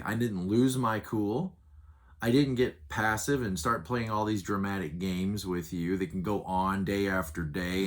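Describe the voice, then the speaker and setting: A middle-aged man coaching on handling anger, teaching earnestly and acting out little example conversations. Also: mid-range voice. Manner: earnest, emphatic, acts out example dialogues. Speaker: Enneagram relationship coach. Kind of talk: teaching talk to camera.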